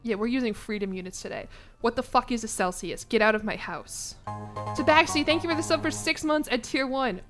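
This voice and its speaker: A young woman with a slightly high voice talks casually to her stream chat from her apartment. She is chatty and laughs often, and she drops casual swears as she goes. Faint music plays behind her. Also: fairly quick. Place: home apartment.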